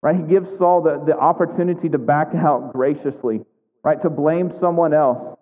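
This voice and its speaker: A man's voice: fairly high pitch, steady tone, normal speed, long reverb tail, narrow, tinny audio. A man reading scripture and preaching, chatty and conversational, often checking in with "right?". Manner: conversational, keeps asking "right?". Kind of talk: Bible reading and sermon.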